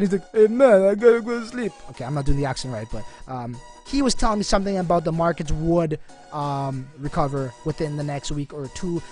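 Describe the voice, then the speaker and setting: A man's voice: fairly high pitch, fairly bright tone. A man hosting a casual live stream on crypto, chatting with viewers and reading their comments in a slangy style full of fillers. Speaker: crypto livestream host.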